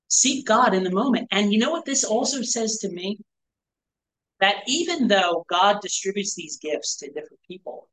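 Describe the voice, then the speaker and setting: A man's voice: high-pitched, fairly bright tone, poor audio. A male pastor giving a conversational sermon to a small church group, full of rhetorical questions and asides. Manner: rhetorical questions, frequent "right?" and "you know". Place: church gathering.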